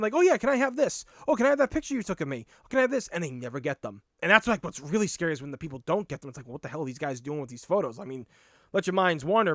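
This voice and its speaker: A man with a Boston accent, hosting a podcast and telling stories in a blunt, animated, casual way with some swearing. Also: on the high side, no echo, studio quality. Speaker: podcast host. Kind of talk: casual storytelling monologue.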